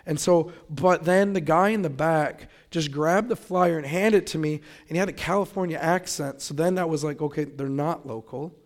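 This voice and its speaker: A young man from Grand Rapids, Michigan, telling his personal faith testimony in a relaxed, conversational way, acting out his own thoughts as he goes. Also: on the high side. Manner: conversational, animated retelling with quoted inner thoughts. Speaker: testimony speaker.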